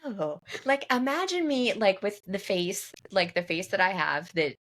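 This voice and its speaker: Animated woman telling a story. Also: medium pitch, moderate pace. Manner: animated, acts out quotes. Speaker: podcast co-host. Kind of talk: casual storytelling.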